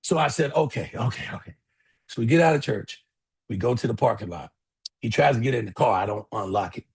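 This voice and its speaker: A middle-aged man telling a story in a keynote talk, animated and acting out the people in it. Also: mid-range voice, brisk, creaky, slightly rough. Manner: animated storyteller, acts out voices, addresses audience as y'all. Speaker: keynote speaker.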